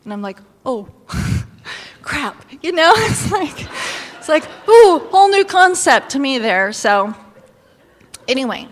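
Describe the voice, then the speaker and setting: Animated woman preaching in echoing hall. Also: high voice, unhurried. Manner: animated storytelling, exclaiming and laughing. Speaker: pastor's wife or preacher. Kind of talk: sermon with personal story. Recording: long hall reverb.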